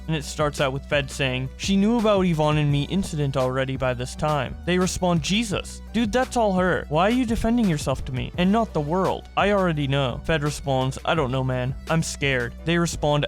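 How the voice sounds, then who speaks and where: Man, fairly high voice, narrating message logs, faint music underneath. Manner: reads message exchanges aloud in a flat narrating voice, with brief reactions. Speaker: commentary host. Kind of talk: reading out and commenting on messages.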